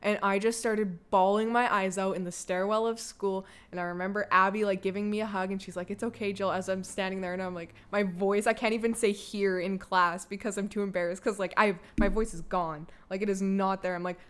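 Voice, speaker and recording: Smooth-voiced young Canadian woman, chatty. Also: mid-range voice, steady tone, brisk, hardly any pauses. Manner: candid, loose and chatty, heavy filler "like", swears freely. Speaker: guest, daughter of the host. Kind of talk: casual personal storytelling.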